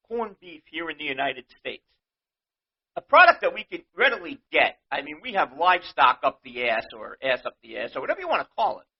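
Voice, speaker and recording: A man's voice: a little high, husky, highs cut off. Exasperated New York man ranting. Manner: indignant, exasperated, rambling. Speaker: show host. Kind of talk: ranting monologue.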